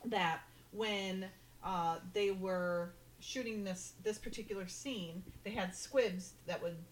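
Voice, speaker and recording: A woman's voice: mid-range voice, slow, a little hiss or hum. Woman animatedly retelling a TV scene. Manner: animated retelling, quotes the characters' lines with laughter. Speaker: podcast co-host. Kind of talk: casual chat recapping a TV episode.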